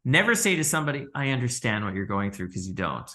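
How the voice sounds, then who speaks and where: A man guest on a podcast interview, telling lively stories and acting out quoted dialogue with frequent laughs. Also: medium pitch, quick pace. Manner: animated storyteller, acts out quoted dialogue, laughs often. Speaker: orthodontist guest.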